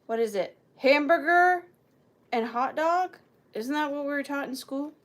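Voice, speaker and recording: A woman's voice: sits high, measured pace. A woman hosting a live vintage sale, chatting playfully with viewers by name and counting down bids. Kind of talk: live auction selling chat.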